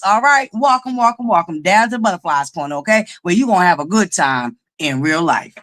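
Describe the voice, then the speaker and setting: A woman hosts a casual chat show, her voice bright and forward. She talks loosely and keeps giving shout-outs to her viewers. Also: lowish voice, expressive, fairly quick, few pauses. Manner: hypes audience with shout-outs. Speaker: host.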